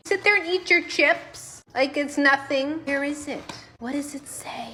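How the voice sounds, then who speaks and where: A woman's voice: sits high, measured pace, bright, forceful tone, slight background noise. A woman in her thirties telling funny stories in a casual vlog, chatty and swearing, laughing often. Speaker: vlogger, mom.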